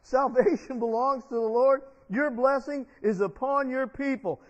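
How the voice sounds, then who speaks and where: A male pastor with an extremely high, fairly even voice delivers an unhurried sermon in the church sanctuary. He draws the congregation into call-and-response, captured in dull audio with lengthy reverb.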